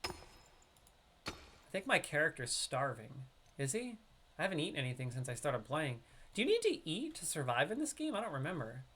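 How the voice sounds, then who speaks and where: A man casually commenting on his game during a live stream, chatting with viewers and now and then breaking into loud excited yelps. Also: a little high.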